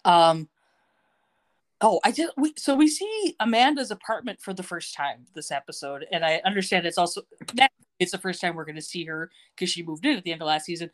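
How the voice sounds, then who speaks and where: A woman's voice: lowish voice, expressive, fairly quick. A woman co-hosting a podcast, recapping a TV episode in casual chat, sarcastic and laughing often. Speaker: podcast co-host.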